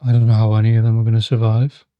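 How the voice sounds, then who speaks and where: A man's voice: fairly low pitch, completely flat delivery, racing, highs cut off. A man hosting a live movie reaction, talking emotionally to the screen and swearing as he watches. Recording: noisy with loud film audio.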